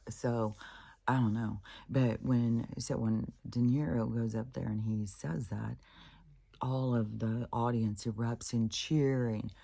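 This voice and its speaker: A vlogger talking in a rambling, profane monologue, often clearing their throat. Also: medium pitch, slow, mellow. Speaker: spiritual vlogger.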